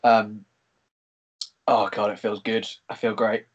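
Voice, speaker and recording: A young man hosting a podcast, chatty, excitable and quick. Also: lowish voice, muffled recording. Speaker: podcast host. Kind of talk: casual chat.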